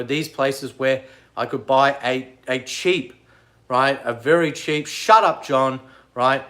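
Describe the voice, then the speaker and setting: A man chatting casually on a livestream, rambling and excitable, answering commenters as he goes. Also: on the high side. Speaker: vlogger.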